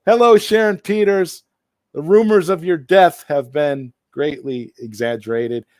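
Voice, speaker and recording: A man's voice: fairly high pitch, measured pace, a little mellow, no room sound, studio quality. A man hosting a casual live stream, rambling through his points with many restarts and greeting viewers in the chat.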